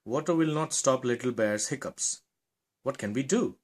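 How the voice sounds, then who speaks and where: A man doing a gentle mother bear. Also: medium pitch, normal speed, natural voice.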